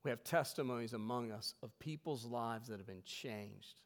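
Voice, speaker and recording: A man preaching a sermon to his congregation, emphatic, swelling loud and then dropping low. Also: moderate pace, big-room sound. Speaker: pastor. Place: church sanctuary.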